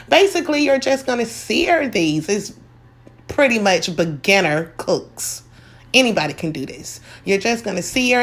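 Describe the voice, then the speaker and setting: Folksy woman with a gravelly voice. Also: mid-range voice. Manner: chatty, folksy, addresses viewers as y'all. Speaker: home cooking vlogger. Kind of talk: casual cooking demonstration.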